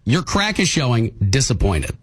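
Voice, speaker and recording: A man's voice: medium pitch, very animated, moderate pace, breathy edge, no echo, clean studio sound. A man co-hosting a radio show, joking around and laughing often as he acts out silly lines. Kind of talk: playful banter on radio.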